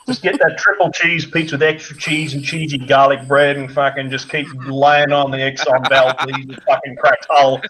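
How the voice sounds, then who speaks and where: A man's voice: mid-range voice, flat delivery, normal speed, few pauses, a bit bright, slight background noise, low-quality recording. An Australian man ranting in a crude, mocking way, firing off insults as a guest on a chat show.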